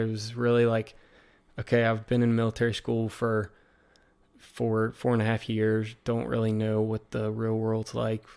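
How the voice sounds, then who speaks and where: A man's voice: mid-range voice, vocal fry, darkish tone, smooth. A man with a Southern American accent from Virginia, telling stories as a podcast guest in a rambling, casual way with lots of fillers. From Virginia, USA. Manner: rambling, full of fillers and quoted asides. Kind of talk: casual conversational storytelling.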